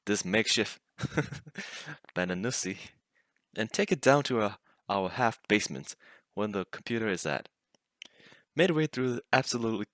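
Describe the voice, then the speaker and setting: A man's voice: on the low side, a bit bright, no room sound, clean studio sound. A man casually narrating funny stories and often laughing as he reads. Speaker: storyteller reading online stories.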